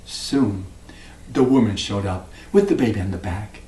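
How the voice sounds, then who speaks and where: A man telling a folk tale to listeners in an expressive storytelling style. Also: on the low side, measured pace. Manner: expressive, lively, sings refrains. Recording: roomy, mic at a distance.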